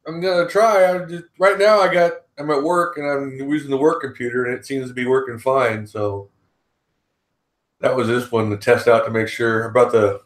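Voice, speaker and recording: A man's voice: medium pitch, fairly even intonation, normal speed, echoey room. A man hosting a casual stream from his workplace, rambling and restarting his sentences, on a microphone borrowed from his kid. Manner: rambling, self-interrupting. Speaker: streamer host. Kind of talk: casual chat.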